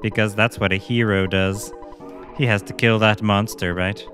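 A pitiful old male scientist turned into a monster whines and begs to be left alone, as a man puts him on. The voice is bright and sits a little low, with faint game music behind it. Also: fairly even intonation, normal speed, natural voice. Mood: pleading. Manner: whiny, pleading, self-pitying.

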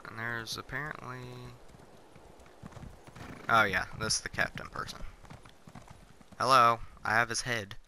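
A man's voice: mid-range voice, steady tone, measured pace, long pauses, sharp tone, slight background noise, low-quality recording. A man giving casual let's-play commentary, confused and blunt, swearing freely. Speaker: gamer, let's-play host. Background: faint game music.

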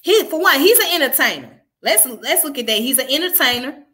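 A woman's voice: sits high, lively intonation, a little fast, pushed and bright. Frank Southern-accented woman vlogger. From Southern United States. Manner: frank, conversational, repeats points for emphasis. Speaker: vlogger answering comments. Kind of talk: casual livestream commentary.

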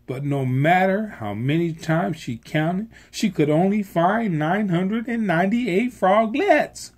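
A volunteer reading a children's picture book aloud in an expressive storytelling manner. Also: medium pitch, unhurried, few pauses. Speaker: volunteer reader.

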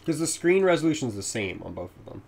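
A man playing a game on a let's play, giving casual commentary in a matter-of-fact way and quick to correct his co-host. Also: mid-range voice, very animated, vocal fry, a little mellow, breathy edge.

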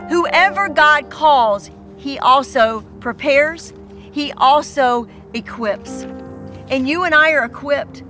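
A woman's voice: sits high, slow pace, bright, forceful tone, soft background music. A woman pastor preaching a sermon to mothers, earnest and repetitive as she tells stories.

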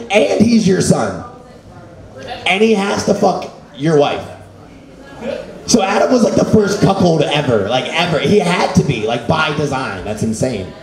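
Rambling comic with a high-ish voice. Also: male voice, vocal fry, darkish tone. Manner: rambling, filler-heavy delivery. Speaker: stand-up comic. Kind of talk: stand-up comedy set. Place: small comedy venue with an audience. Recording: echoey room with audience noise.

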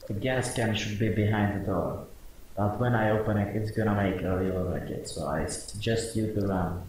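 A man's voice: fairly low pitch, moderate pace, a little mellow. A man voicing a male radio survivor with a Russian accent, giving urgent instructions from far off in a noisy, echoey game mix. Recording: distant echoey game audio with noise.

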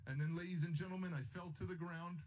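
A man's voice: high voice, fairly even intonation, quick pace, darkish tone. A man giving a motivational speech, telling his story in a passionate, emphatic way. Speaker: motivational speaker.

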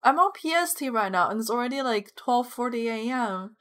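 Her fairly high, expressive voice moves fairly quickly with a fairly bright tone as she streams a game. The young woman chats with viewers, reads chat out loud, and giggles a lot while music plays behind her.

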